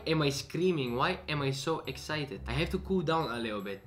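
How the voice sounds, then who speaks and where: A man, hosting and commenting on clips in a reaction video, excitable and quick to exclaim and laugh. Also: on the high side. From Bulgaria. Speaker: host.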